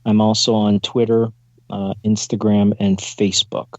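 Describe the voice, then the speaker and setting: A male author talks on a radio show in a low voice, pausing often with fillers. The sound is dry and somewhat dull, with no room echo. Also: little pitch movement, darkish tone. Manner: hesitant, many "uh" fillers. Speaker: author and spiritual counselor guest. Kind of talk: radio interview.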